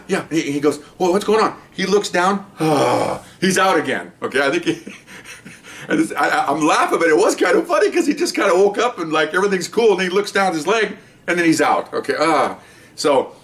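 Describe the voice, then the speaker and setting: A man's voice: mid-range voice, a bit bright. An older man, a retired police officer, casually telling a story and acting out the voices of the people in it.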